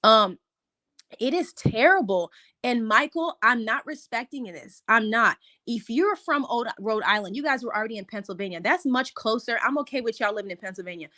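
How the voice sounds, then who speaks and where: A woman speaks close to her microphone in a casual recap vlog, with a somewhat high voice. She is opinionated and chatty, and talks as a mother reacting to a reality show. Her pitch jumps up sharply when something gets to her. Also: expressive, moderate pace, sharp tone. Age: adult, a mother.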